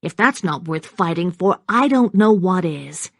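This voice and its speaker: A woman voicing a determined young gentlewoman who speaks earnestly and forcefully. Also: lowish voice, animated, measured pace, no room sound, studio quality, voice pushed up.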